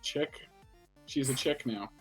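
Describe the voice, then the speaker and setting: A man's voice: mid-range voice, slow, slightly rough, faint music behind. Skeptical, teasing male co-host. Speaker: podcast co-host. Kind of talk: casual anime discussion.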